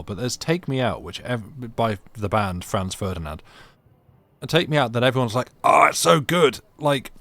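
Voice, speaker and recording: A man's voice: lowish voice, dry recording. A young British man streaming a game, chatting sarcastically and reading game text aloud. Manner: sarcastic, rambling, laughs often.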